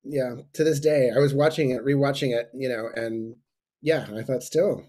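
A man in his forties talking in a relaxed, thoughtful way at an everyday pitch. He pauses with small fillers as he recalls things. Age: 40s. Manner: relaxed, reflective, hesitant. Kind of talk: casual chat.

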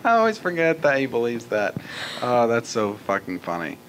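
A man's voice: medium pitch, huge pitch swings, normal speed, a bit bright, a little hiss or hum, rough recording. A young man co-hosting a casual beer podcast, joking and swearing freely. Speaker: podcast co-host. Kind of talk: casual chat over beer.

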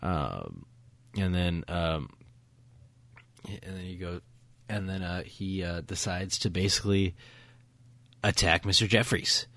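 Deep-voiced man retelling a film excitedly. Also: slow, vocal fry, long pauses. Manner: animated, enthusiastic retelling with many fillers. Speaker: podcast co-host. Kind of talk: casual film review chat.

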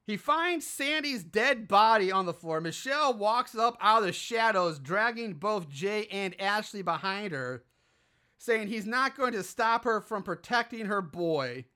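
Role: podcast host. Style: casual film recap. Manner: profane, animated, exasperated. Tone: bright, lively pitch. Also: measured pace.

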